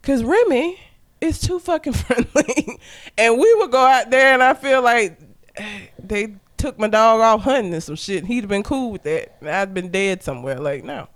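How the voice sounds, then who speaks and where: A man's voice: very high voice, normal speed. A man from Alabama with a Southern accent, co-hosting a podcast in a loose, swearing, laugh-filled chat. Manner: animated, laughs often, swears freely. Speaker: podcast co-host. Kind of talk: casual chat.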